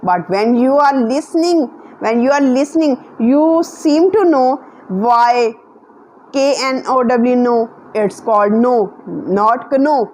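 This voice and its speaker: A woman's voice: high voice, darkish tone, slight background noise. A woman giving a spoken lesson in an earnest, repetitive way, spelling words out letter by letter. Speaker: English teacher. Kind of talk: spoken English lesson to camera.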